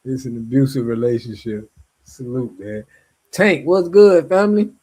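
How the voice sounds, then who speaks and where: A man hosting a live stream, chatting casually with viewers and callers in a relaxed, slangy way. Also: mid-range voice, moderate pace, breathy edge. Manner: laid-back, slangy, affirming.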